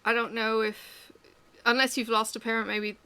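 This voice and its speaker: A woman's voice: fairly high pitch, little pitch movement, normal speed, bright, forceful tone, clear, resonant tone. A middle-aged woman chatting candidly and rambling as she works, swearing freely. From Australia. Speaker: vlogger. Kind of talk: casual chat while working.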